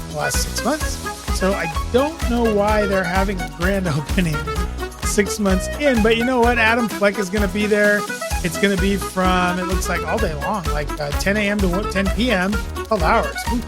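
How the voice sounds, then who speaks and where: A man hosting a podcast, running through weekend events in a rambling, chatty way with jokey asides. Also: sits high. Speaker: podcast host. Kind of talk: casual event roundup.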